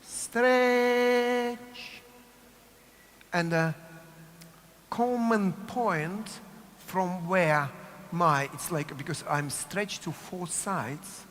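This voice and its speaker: A man's voice: a little high, fairly bright tone. A man with a Russian accent teaching a dance workshop, chanting cue words in rhythm and checking in with "yes?" as he goes. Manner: coaching rhythmically, repeats cue words, asks "yes?" often. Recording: long hall reverb, faint room noise.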